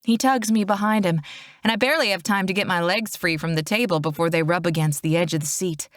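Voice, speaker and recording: Woman reading a romance audiobook, lowish voice, close dry mic. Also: fast, no echo. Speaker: audiobook narrator. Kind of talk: first-person romance audiobook narration.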